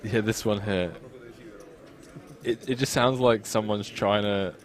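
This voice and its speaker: A man's voice: on the low side, steady tone, slow, a little hiss or hum. A British man co-hosting a live poker stream, trading jokes with his partner and reading out chat messages. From United Kingdom. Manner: joking banter, reads chat messages aloud. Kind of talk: casual stream banter.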